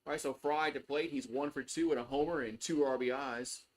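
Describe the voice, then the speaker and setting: A man's voice: medium pitch, fairly even intonation, brisk. A man giving casual play-by-play on a live stream, loose and chatty, swearing freely. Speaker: live stream sports host.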